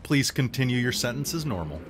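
A man's voice: medium pitch, sing-song, brisk, slight background noise. Man narrating a tabletop game dramatically. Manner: dramatic narration in short phrases. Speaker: game master.

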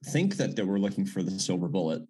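A man's voice: low-pitched, sing-song, fast talker, mellow, slightly rough. A man who is a pastor, talking casually in a conversation and rambling with many restarts.

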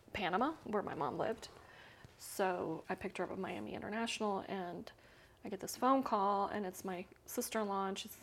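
A woman in her fifties from Central America tells her own story as an interview guest. Her voice sits at a middle pitch, and she talks in a loose, chatty way, with many fillers and small laughs. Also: gravelly. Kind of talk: casual personal storytelling.

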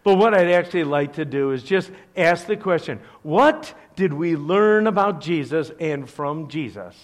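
An older man, a grandfather, preaching a sermon with animated, playful storytelling and asides. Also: a little high, normal speed. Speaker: pastor.

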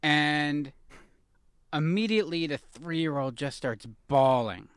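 A man's voice: fairly high pitch, slow pace, clean tone, no room sound. A man in his thirties co-hosting a casual podcast, telling rambling, self-mocking family stories. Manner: rambling storyteller, self-deprecating. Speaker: podcast co-host. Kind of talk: casual chat.

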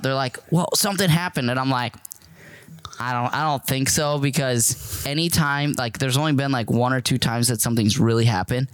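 A man's voice: medium pitch, normal speed, clear, resonant tone, no room sound. A man who is a guest on a podcast, rambling casually through a story and cracking jokes. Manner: loose rambling storyteller, joking. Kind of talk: casual chat.

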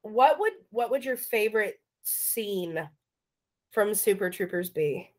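A woman hosting a podcast in casual chat, animated and swearing freely. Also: mid-range voice, slow pace. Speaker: podcast host.

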